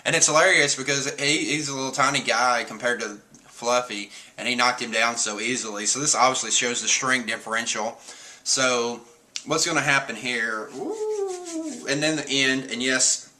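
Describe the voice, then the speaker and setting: A man's voice: medium pitch, moderate pace, sharp tone. A man streaming, casually rambling through a comic chapter review, chuckling often and swearing now and then. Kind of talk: casual chat.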